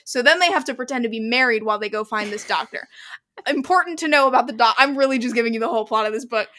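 A woman's voice: a little high, quick pace. A woman co-hosting a podcast, chatting casually as she retells a story, full of "like" and acting out the characters' lines. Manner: animated storyteller, heavy use of "like", acts out quotes. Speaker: podcast co-host. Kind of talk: casual chat recapping a book.

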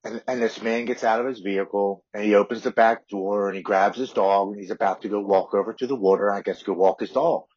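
Man, forties, raspy voice, earnest recovery story, muffled lo-fi audio. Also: lowish voice, fairly even intonation, brisk, hardly any pauses, darkish tone. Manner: earnest, repeating words as he talks. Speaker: podcast guest. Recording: dull lo-fi audio.

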